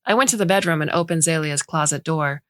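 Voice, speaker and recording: A woman reading a short story aloud in a measured, intimate way. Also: deep voice, fairly bright tone, no echo, clean studio sound. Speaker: story reader. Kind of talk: scripted narration.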